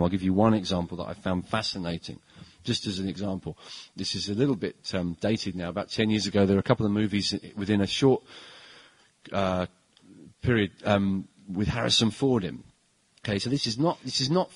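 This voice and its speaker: A middle-aged man preaching a conversational sermon, emphatic and animated, with frequent hesitations. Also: on the low side, breathy edge, no echo, poor audio.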